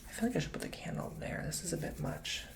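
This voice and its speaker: A man giving a soft-spoken ASMR tarot and coffee cup reading, chatty and rambling, with casual slang and whispered asides. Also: fairly high pitch, fast talker, gravelly.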